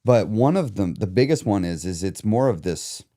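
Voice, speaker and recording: A man's voice: fairly low pitch, lively intonation, normal speed, dark tone. A man who coaches clients through emotional eating, talking candidly and reflectively in a casual podcast chat, now and then swearing.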